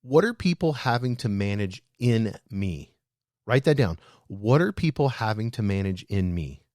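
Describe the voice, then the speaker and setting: A man hosting a leadership show, speaking straight to his listeners in a lively, animated way. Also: fairly low pitch, normal speed, no echo, studio quality. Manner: animated, addresses listeners as "guys". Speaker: podcast host.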